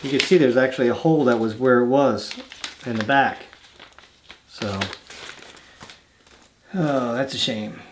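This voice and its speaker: This channel host reads viewer letters out loud at a measured pace, pausing often, his voice mid-range against background noise. Between letters he drifts into relaxed, rambling chat.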